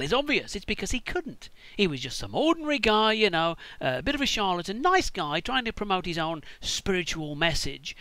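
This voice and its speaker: A man's voice: high voice, sharp tone, no room sound. A man giving an irreverent comic monologue, sarcastic and swearing often as he acts out scenes. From United Kingdom. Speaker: vlogger.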